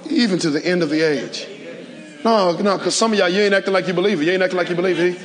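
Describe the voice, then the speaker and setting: A man preaching a sermon to a large auditorium, calling for responses and swinging from soft to shouting. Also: high-pitched, fast talker, long reverb tail. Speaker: pastor.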